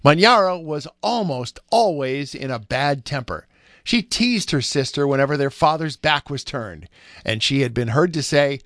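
A man reading a storybook aloud with an expressive, measured delivery. His voice sits fairly high and swings widely in pitch. The recording is dry and close. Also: no echo.

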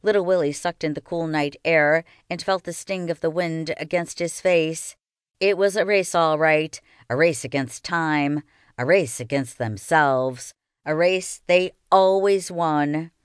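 A woman reading a children's novel aloud with slow, expressive storytelling. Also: deep voice, clean tone, no room sound, clean studio sound. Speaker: reader.

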